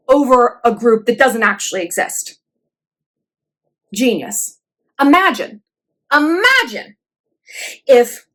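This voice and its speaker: Woman vlog host, high-ish and bouncy, sarcastic, profane, full of quoted voices. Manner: animated, with voices for quoted people. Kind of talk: pop-culture commentary vlog.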